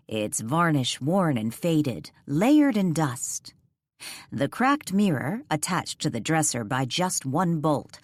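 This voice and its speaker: Woman narrator, low voice, lively pitch, dry close studio sound, suspenseful audiobook reading. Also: no echo. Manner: measured, suspenseful storytelling. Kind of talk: scripted narration. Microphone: close studio mic.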